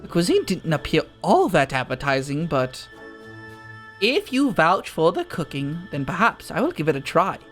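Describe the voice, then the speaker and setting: A man's voice: fairly high pitch, wildly swooping pitch, a bit bright, faint music behind, pitched below the performer's own voice. A man voicing a spoiled, pompous young nobleman with a nasal, whining voice, reading game dialogue aloud. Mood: haughty. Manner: haughty, drawn-out complaining.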